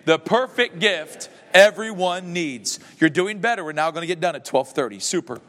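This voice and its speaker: A man's voice: fairly high pitch, animated, normal speed, fairly bright tone, long reverb tail. A male pastor preaching a sermon in a church, emotive and joking with his congregation.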